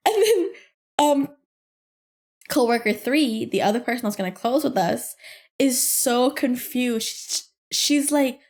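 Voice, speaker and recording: A young adult woman hosting a podcast, telling a workplace story in a casual, animated and profane way. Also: a little high, a little slow. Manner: animated, profane, laughs through her story. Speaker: podcast host.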